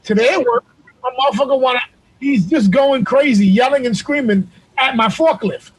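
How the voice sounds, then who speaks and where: Husky high-voiced man, rowdy storyteller. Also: normal speed, no room sound, rough recording. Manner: profane, boisterous storytelling. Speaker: host. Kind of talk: casual chat on a video call. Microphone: video call.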